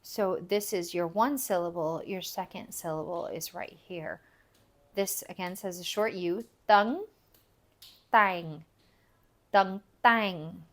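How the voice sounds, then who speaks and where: Slow, patient woman teaching phonics. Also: fairly low pitch. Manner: patient, explains step by step, models sounds; repeats example words slowly. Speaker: language teacher. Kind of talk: recorded phonics lesson.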